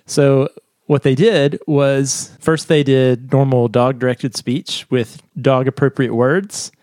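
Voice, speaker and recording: A man's voice: mid-range voice, level tone, slow, darkish tone, no echo, clean studio sound. A man co-hosting a podcast, explaining a research study in a chatty way and laughing often. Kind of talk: casual science chat.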